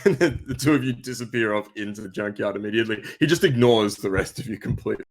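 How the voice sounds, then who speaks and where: Brief: male game master, lowish voice, relaxed and chatty scene narration. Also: quick pace. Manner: casual, laughing, rambling description.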